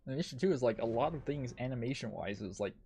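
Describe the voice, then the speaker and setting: A man's voice: mid-range voice, animated, fast, warm tone, a little hiss or hum. A man streaming a game, ranting in frustration and swearing a lot as he comments on his play. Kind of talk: live gameplay commentary.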